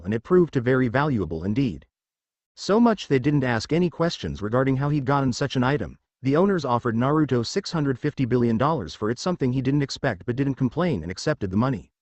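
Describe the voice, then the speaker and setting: A man's voice: medium pitch, a little mellow, no room sound. Man narrating fan fiction.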